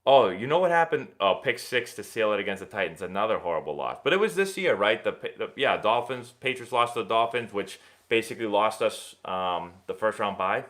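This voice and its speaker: A young man hosts a casual live stream and answers viewer questions in loose sports-fan chat. His voice sits a little low. It swings widely up and down as he rambles and restarts his sentences. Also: expressive, fairly quick, hardly any pauses, fairly bright tone. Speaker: host of a live baseball Q&A stream.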